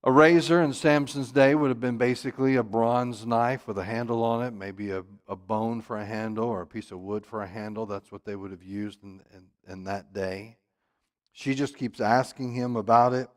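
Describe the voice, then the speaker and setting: A man leading a church Bible study, emphatic, jumping from loud exclamations to quiet asides. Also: mid-range voice, fairly even intonation, normal speed.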